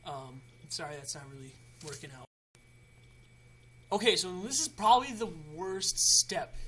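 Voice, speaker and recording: A man's voice: sits high, very animated, unhurried, sharp tone. A young man hosting a casual how-to video, chatty and rambling with frequent restarts. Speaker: tutorial host.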